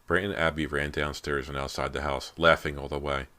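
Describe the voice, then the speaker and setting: A man reading a teen horror novel as audiobook narrator, in a steady, measured way. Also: a bass voice. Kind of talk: scripted narration.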